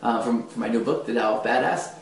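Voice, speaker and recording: A man's voice: mid-range voice, fairly quick, gravelly. Man coaching in a roomy, distant sound. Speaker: dating coach. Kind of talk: casual spoken advice to camera.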